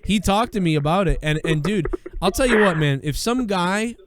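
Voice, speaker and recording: A man's voice: high voice, lively intonation, normal speed. A man hosting a call-in show, chatting casually with loose, profane storytelling and repeated phrases.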